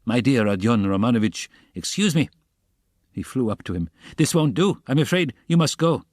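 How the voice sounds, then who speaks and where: A man reading the part of an excitable, fussy middle-aged magistrate in an audiobook, insistent and wheedling. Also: medium pitch, no room sound, clean studio sound, close to an everyday voice. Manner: quick, insistent, wheedling, slipping to mutters.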